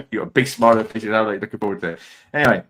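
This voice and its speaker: A man's voice: fairly low pitch, normal speed, a bit bright, slight background noise. A man hosting a casual online quiz, rambling and teasing his panel. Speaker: quiz show host.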